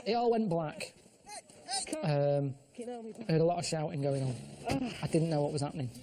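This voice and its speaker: A man in his late thirties with a Manchester accent, chatting casually and complaining in a deadpan, plain-spoken way. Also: on the high side, normal speed, a crowd in the background, low-quality recording. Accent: Manchester English. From England. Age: late 30s. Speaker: show regular. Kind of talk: casual chat.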